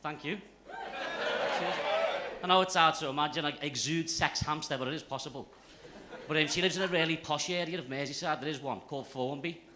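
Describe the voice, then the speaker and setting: A man's voice: on the high side, brisk. Young male stand-up with a Liverpool accent, sweary and brash, on a club stage mic with faint noise. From Liverpool area, England. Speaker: stand-up comedian. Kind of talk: stand-up set.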